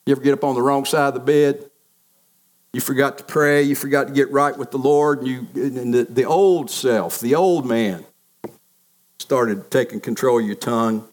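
A man's voice: mid-range voice, fairly even intonation, moderate pace. A middle-aged man preaching a sermon, telling family stories and acting out the voices in them. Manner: storytelling, acts out quoted voices of family members. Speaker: pastor.

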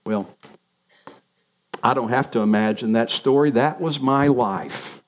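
A man's voice: medium pitch, a little slow, long pauses. A middle-aged man preaching a sermon, telling family stories and acting out the voices in them. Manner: storytelling, acts out quoted voices of family members. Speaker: pastor.

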